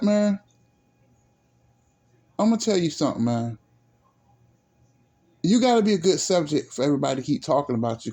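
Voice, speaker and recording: Male vlogger, mellow low timbre, blunt profane rant delivered to camera. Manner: blunt, profane and repetitive, lecturing. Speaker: YouTuber.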